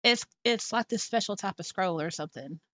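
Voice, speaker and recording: A woman's voice: mid-range voice, expressive, brisk, a bit bright, no room sound. A young woman live streaming from her home in casual chat, reading viewer messages aloud and talking to her cat.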